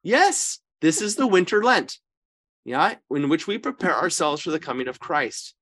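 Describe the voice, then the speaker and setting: Emphatic priest teaching scripture. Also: male voice, on the high side, very animated, moderate pace, a bit bright. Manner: emphatic, often checks in with "right?" and "okay?"; restarts and corrects himself mid-sentence. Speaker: priest leading a Bible study.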